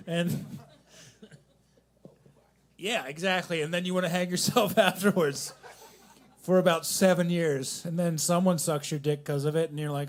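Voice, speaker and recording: A man's voice: fairly high pitch, a little slow. A young man doing a rambling, self-deprecating stand-up set at a coffee shop open mic, with angry asides.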